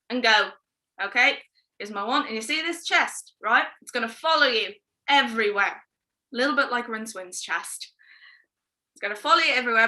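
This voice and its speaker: Brief: bright-voiced, loud, bossy fairy godmother, played by a woman with a put-on accent, brisk and slangy. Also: on the high side. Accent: put-on, unplaced accent.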